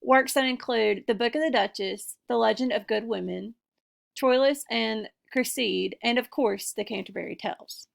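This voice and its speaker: A young woman giving a class presentation, reading her points in an earnest, measured way. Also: on the high side, gravelly. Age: young adult. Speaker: student presenter. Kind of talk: class presentation, read from notes.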